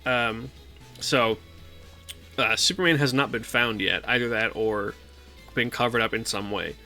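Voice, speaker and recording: A man's voice: mid-range voice, a little slow, bright, forceful tone. Rambling male streamer, faint music behind. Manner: rambling, filler-heavy, swearing, acts out quotes. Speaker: streamer host. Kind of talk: casual chat recapping a film.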